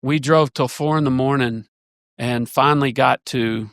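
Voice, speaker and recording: A man, a church elder, telling a long story in a casual podcast conversation, rambling and animated with many restarts. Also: mid-range voice, unhurried, no room sound, studio quality.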